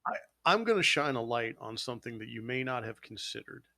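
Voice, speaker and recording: Male podcast host, mid-pitched, dry close mic, heated cursing rant, brief note. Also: very animated, fairly quick, sharp tone, no echo. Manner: heated, swearing, mocks gamers in put-on quotes. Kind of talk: casual profane gaming podcast rant.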